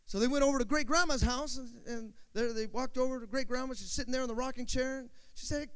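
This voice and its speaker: A man preaching a sermon, calling out to the congregation for amens and swinging between loud and soft passages. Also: extremely high pitch, fast talker, hardly any pauses, clean tone. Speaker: pastor. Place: church sanctuary. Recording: long hall reverb.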